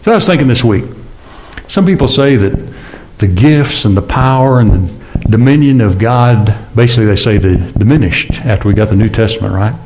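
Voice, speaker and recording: Low-voiced preacher, chatty and rhetorical. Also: male voice, expressive, moderate pace, a little mellow. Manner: conversational, with rhetorical questions and sudden rises in pitch. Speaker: pastor. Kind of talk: sermon.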